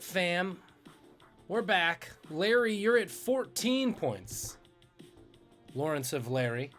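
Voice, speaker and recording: Male trivia host, jokey and animated, slightly high voice, faint music underneath. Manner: jokey, animated, swings between loud and muttered asides. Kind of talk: live-streamed trivia hosting.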